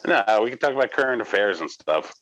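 A man co-hosting a wrestling podcast, trading teasing jabs in casual banter. His voice sits low and moves a lot in pitch. The sound is close and dry. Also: expressive, fast, a bit bright, no echo, lo-fi sound. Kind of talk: casual chat.

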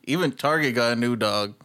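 A man's voice: medium pitch, expressive, normal speed, fairly bright tone. Teasing man cracking crude jokes. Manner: teasing, crude jokes, laughs at own lines. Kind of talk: casual podcast banter.

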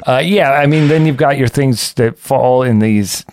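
A man's voice: mid-range voice, measured pace, a little mellow, slight background noise. Chatty man co-hosting a music podcast. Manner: chatty, laughing easily, jokey. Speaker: podcast co-host. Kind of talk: casual chat.

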